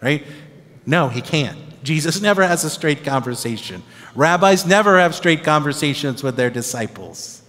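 Animated pastor in a reverberant church. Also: male voice, on the high side, moderate pace. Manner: animated, conversational, acts out disciples' reactions with tag questions. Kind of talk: Bible teaching. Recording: long reverb of a church hall.

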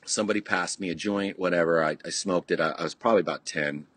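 On a podcast, a middle-aged California punk musician rambles through stories, fast and a bit bright, his fairly low voice carrying a husky grain. He's laid-back, swears freely, restarts constantly and leans on "you know," all captured in a dry, close studio sound with no room echo.

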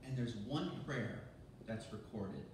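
A man's voice: medium pitch, slow, recorded from a distance, background noise. Man preaching in a very echoey church. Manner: animated, conversational preaching with restarts. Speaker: pastor. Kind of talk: sermon. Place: church sanctuary.

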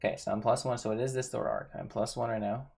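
A man's voice: mid-range voice, steady tone, fast, vocal fry, darkish tone, slight background noise. A man giving casual gameplay commentary, thinking aloud, repeating himself and talking to his game characters. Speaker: gaming YouTuber.

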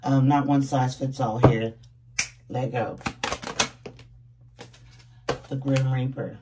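A woman's voice: rumbling low, steady tone, unhurried, far from the mic, heavy background noise. A woman tarot reader chatting casually to her viewers in a groggy, just-woken voice, laughing often and calling them babies. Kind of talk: casual tarot reading to camera.

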